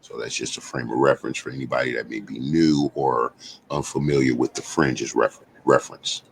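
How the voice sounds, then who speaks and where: A man hosting a channel, giving a measured explanatory comment with small hesitations. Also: a bass voice, steady tone, creaky, slight background noise. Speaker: channel host.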